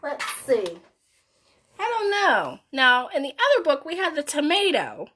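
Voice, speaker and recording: A woman hosting a live children's story reading, with chatty, animated asides to her young viewers. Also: high voice, a little slow, background noise. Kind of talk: live read-aloud for children.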